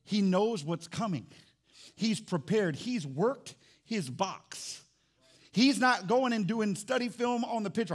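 Animated high-voiced preacher man. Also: takes it slowly. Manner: animated, swings from loud emphasis to hushed low lines. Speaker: pastor. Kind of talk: sermon. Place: church service.

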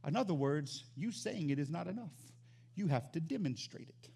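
A man preaching as pastor, animated, swinging from loud exclamations to quiet emphatic lines. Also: fairly high pitch, moderate pace, vocal fry, breathy edge. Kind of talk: sermon.

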